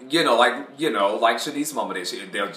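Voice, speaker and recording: A man's voice: medium pitch, brisk, roomy sound. A man telling a funny shop story in casual chat, acting out both sides and swearing and laughing freely. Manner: animated, acts out both sides of a shop argument.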